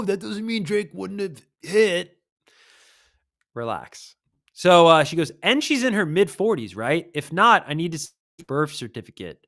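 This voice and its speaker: Young man, livestream host, wry, lively, dry mic. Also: on the high side, no room sound. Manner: animated, reads posts aloud with wry asides. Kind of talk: casual livestream commentary.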